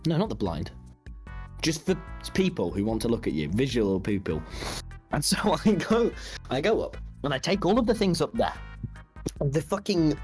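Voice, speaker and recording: Excitable young man telling a story. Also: fairly high pitch, moderate pace, soft background music. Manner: excitable, laughs often, voice jumps up when recounting shocks. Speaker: streamer. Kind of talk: casual storytelling on a stream.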